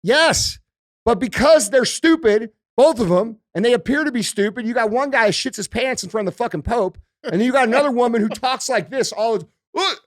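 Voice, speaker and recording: A man's voice: very high voice, brisk, no echo, studio quality. A man hosting a podcast, ranting emphatically and heatedly with heavy profanity. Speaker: podcast host. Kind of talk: casual podcast rant.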